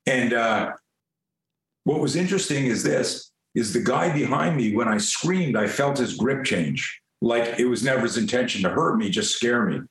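Man, podcast guest, animated storyteller, casual swearing, roomy echo, mid pitch. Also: normal speed. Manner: lively, swears casually, acts out scenes.

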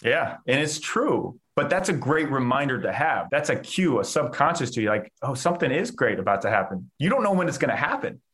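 An enthusiastic man talking as a mindset coach in a podcast interview. His pitch sits in a middle range, and he often stops to say "like" before going on. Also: sing-song, brisk, hardly any pauses, fairly bright tone. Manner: enthusiastic, uses filler "like" often.

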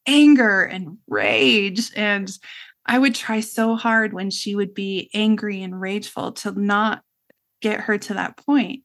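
A woman's voice: medium pitch, steady tone, a little slow, a bit bright. Middle-aged woman, interview guest, earnest reflective storyteller, mid-range voice, casual fillers. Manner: earnest, reflective, with frequent "you know" and "like".

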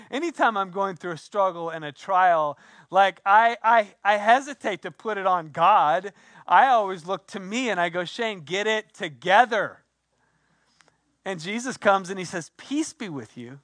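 A man preaching a sermon in a conversational, animated way with playful asides. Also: sits high, normal speed, dry recording. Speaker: pastor.

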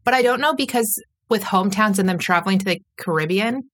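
A woman's voice: mid-range voice, quick pace, fairly bright tone. Chatty woman recapping with lots of fillers. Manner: chatty, frequent "like" fillers, acts out quotes. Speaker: podcast co-host. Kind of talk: casual recap chat.

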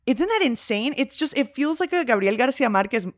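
Animated bilingual woman telling family stories. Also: sits high, fairly quick, no echo, clean studio sound. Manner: animated storytelling, slips into Spanish. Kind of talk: casual chat.

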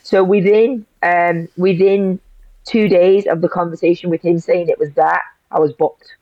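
A woman's voice: on the low side, steady tone, unhurried, dry recording. A woman, a guest in an interview, telling a personal story in an emotional rush full of restarts. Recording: dull lo-fi audio.

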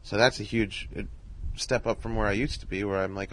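A man telling a casual story in a relaxed, halting way, with lots of "you know". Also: on the low side, low-quality recording. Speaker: podcast host and comedian.

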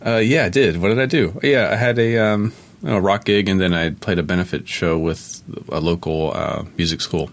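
A man with a deep, low voice co-hosting a drumming podcast. He chats in an easygoing way, with plenty of fillers and frequent laughs. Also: normal speed. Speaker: podcast co-host. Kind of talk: casual chat.

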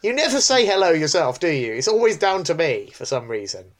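Man, podcast cohost, dry and wry, slightly high pitch. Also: sing-song, fairly quick. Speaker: podcast co-host. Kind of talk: casual podcast chat.

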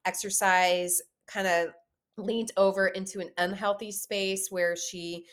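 A woman hosting a running podcast, chatting casually in an animated way and laughing often. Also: medium pitch, unhurried. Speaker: podcast host. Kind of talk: casual interview chat.

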